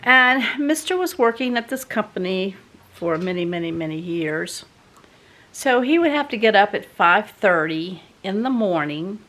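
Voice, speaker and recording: A Southern woman vlogs from her doublewide home, chatting to the camera as she tells a folksy story about life at home. Her voice is medium in pitch and her pace is measured, and she gets animated when she retells the good parts.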